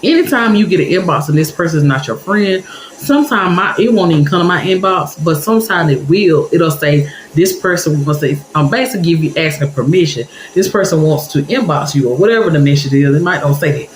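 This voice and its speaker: A woman's voice: fairly low pitch, fast talker, roomy sound, a little hiss or hum, rough recording. A woman telling a personal story to her viewers in a chatty, casual way, talking straight to them. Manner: animated, chatty, addresses viewers directly.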